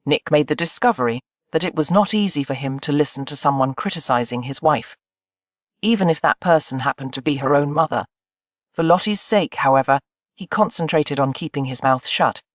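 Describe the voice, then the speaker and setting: An audiobook narrator reading a historical romance in an even, measured way. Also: medium pitch, no room sound, clean studio sound. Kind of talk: scripted narration.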